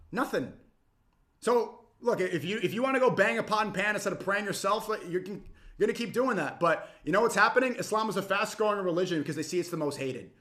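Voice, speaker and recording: Young guy streamer reacting to a clip, high voice, heated and mocking, gets loud fast. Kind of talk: reaction commentary.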